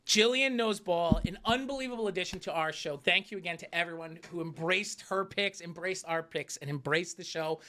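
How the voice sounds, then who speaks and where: A man co-hosting a casual sports talk show, joking about himself in an upbeat way. His voice sits a little high and sounds bright. He talks very fast. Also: a little hiss or hum.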